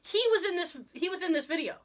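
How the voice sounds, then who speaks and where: A woman hosting a podcast, telling a story in casual chat, animated and laughing often as she acts out quotes. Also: extremely high pitch, fast. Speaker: podcast host.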